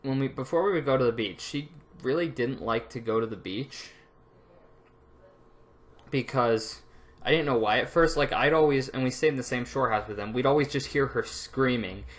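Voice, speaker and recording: A man's voice: mid-range voice, moderate pace. A young man casually telling stories from his life, rambling with lots of fillers and restarts and laughing at himself. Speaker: vlogger. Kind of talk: casual storytelling.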